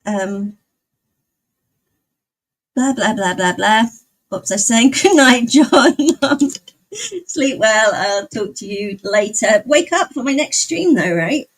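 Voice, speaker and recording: A woman's voice: mid-range voice, lively intonation, slow, long pauses. A woman live streamer chatting casually with her viewers, rambling and often laughing. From outside the United States.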